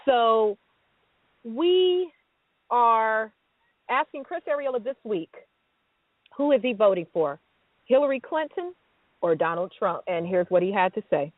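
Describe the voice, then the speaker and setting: Upbeat female radio co-host, slightly high voice, dry phone-like audio. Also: lively intonation, unhurried, long pauses, no room sound. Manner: upbeat, laughing, chatty. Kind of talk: casual radio talk show hosting. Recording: dry, tinny phone-like sound.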